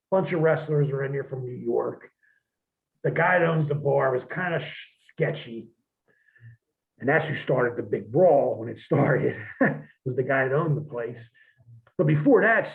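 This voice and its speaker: Gravelly-voiced man telling rowdy stories. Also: on the high side. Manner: profane, animated storyteller. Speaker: podcast host. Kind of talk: casual storytelling chat. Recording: tinny phone-like audio.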